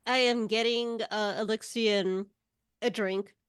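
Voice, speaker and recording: A woman's voice: on the high side, fairly even intonation, slow, smooth, no room sound, clean studio sound. A woman playing a tabletop game, casually describing her character's actions. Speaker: player.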